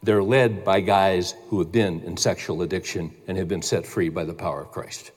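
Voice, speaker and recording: A man's voice: low-pitched, fairly even intonation, normal speed, breathy edge. An earnest male pastor preaches to a gathered congregation, his emphatic delivery rising in force as he presses his point. His voice rings out with a long hall reverb behind it. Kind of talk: sermon.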